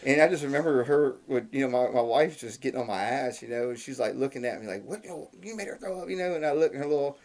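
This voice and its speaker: A man with a drawl telling stories on a podcast. He rambles, restarts and laughs at his own tales. His voice sits at a middle pitch. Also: fast talker, few pauses, darkish tone. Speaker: podcast guest. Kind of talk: casual chat, storytelling.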